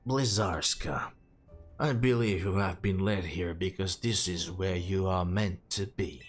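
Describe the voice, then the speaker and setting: A man voicing a solemn, towering ancient man from a video game, speaking slowly and formally. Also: deep voice, soft background music. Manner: slow, grave, ceremonious. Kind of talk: reading game dialogue aloud.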